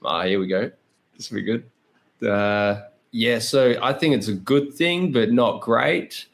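A man's voice: mid-range voice, slow pace, creaky. An Australian man in his thirties, a guest on a podcast, telling stories candidly, swearing freely and laughing often. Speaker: guest, pro cyclist. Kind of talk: casual podcast chat.

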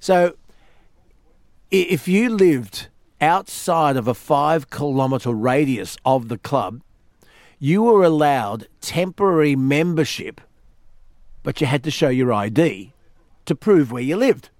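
An Australian man hosting a talk radio show, telling a story with lively acted quotes in a studio. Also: on the high side, slow pace, pauses often, no echo. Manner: animated storyteller, acts out quotes. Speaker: radio host.

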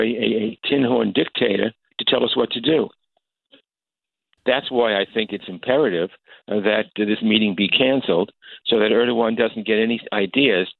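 An older man, a congressman, answering interview questions over the phone, halting with many fillers and restarts. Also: on the low side, creaky, no echo. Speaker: congressman guest. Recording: tinny phone line.

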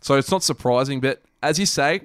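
A man's voice: medium pitch, fairly quick, clean tone, dry recording. A young Australian man co-hosting a casual podcast, trading dry jokes and opinions. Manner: dry, joking asides. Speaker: podcast co-host. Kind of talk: casual chat.

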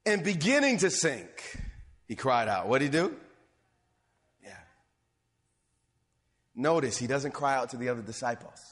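Animated preacher in an echoing hall. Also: male voice, unhurried, long pauses. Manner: animated preaching, rising to near-shouts and dropping low. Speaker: pastor. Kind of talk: sermon. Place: church sanctuary. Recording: long hall reverb.

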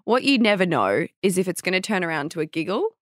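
Animated chatty young woman host. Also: on the low side, quick pace, no room sound, clean studio sound. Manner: chatty storyteller, laughs often, acts out quotes. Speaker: podcast host. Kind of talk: casual chat.

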